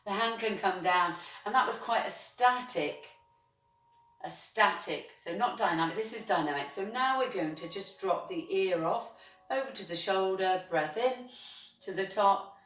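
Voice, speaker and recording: A woman teaching a chair yoga class, guiding each breath and stretch with soft, steady encouragement. Her voice sits a little low. She sounds set back from the mic in an echoing room. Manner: gentle, encouraging, frequent praise. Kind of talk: guided movement class. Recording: roomy sound from a distance.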